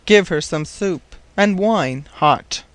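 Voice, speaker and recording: Storybook casting: a grave, gentle elderly scholar, read by a male narrator, fairly high voice. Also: expressive, slow, dry recording, full character voice. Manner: mild, grave. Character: kindly old learned professor, grave and mild.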